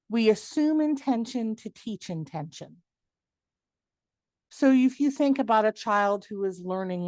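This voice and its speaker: A middle-aged woman presenting a workshop, lively and animated, acting out quoted dialogue as she explains. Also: medium pitch, no echo. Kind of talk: webinar presentation.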